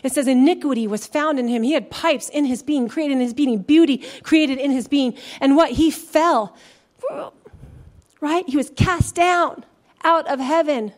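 A woman's voice: high-pitched, measured pace. A woman pastor preaching a sermon in a church, building to fervent, emphatic calls to praise. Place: church sanctuary.

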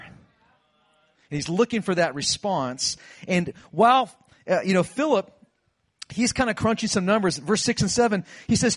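Man, pastor, sermon, animated storytelling, slightly high voice, middle-aged. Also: normal speed, breathy edge. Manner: animated storytelling, acts out disciples' lines.

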